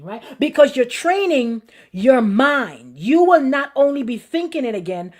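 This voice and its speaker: A woman pastor preaching a sermon in a lively, conversational way, acting out inner voices and laughing along. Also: sits high.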